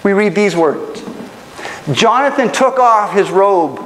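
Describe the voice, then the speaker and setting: A man's voice: high-pitched, animated, slow, a bit bright, a little hiss or hum. A man preaching a sermon as pastor, telling stories in an earnest, emotional way. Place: church auditorium. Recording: long church hall reverb, faint ambience.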